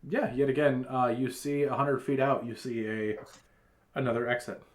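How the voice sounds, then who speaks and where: A man's voice: medium pitch, fairly even intonation, normal speed. A man narrating scenes and outcomes as the game master of a tabletop role-playing game.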